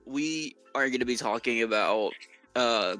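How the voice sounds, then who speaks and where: A woman's voice: extremely low pitch, expressive, a little slow, a bit bright, faint music behind. A British woman co-hosting a casual stream chat, giggling often and reading chat messages aloud. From Britain. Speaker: streamer co-host.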